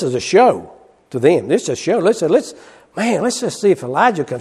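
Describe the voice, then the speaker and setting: Sermon preacher, loud cries to hushes. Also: male voice, sing-song, a little fast, breathy edge. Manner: swings from loud, high cries to hushed, low asides; repeats phrases, chuckles, plain-spoken.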